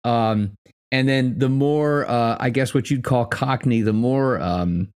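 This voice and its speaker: A man chatting casually about tabletop games, thinking aloud, pausing and restarting his sentences. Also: medium pitch, darkish tone, clear, resonant tone. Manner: thoughtful, hesitant, many fillers and restarts.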